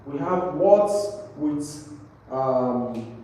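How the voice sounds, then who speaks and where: Very slowly and expressively, a man with a fairly high, mellow voice leads an English classroom lesson. He's repetitive and keeps asking "right?" to check understanding. The recording has heavy room echo, a distant mic, and faint noise.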